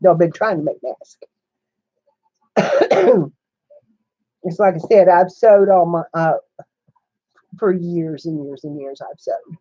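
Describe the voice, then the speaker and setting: A woman's voice: on the low side, slow pace, pauses often, mellow, no room sound, dull audio. An older woman hosting a casual livestream chat from home, telling stories, laughing often and greeting viewers as they come in. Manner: chatty storyteller who greets viewers mid-story and laughs a lot. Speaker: channel host. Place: home room with sewing setup.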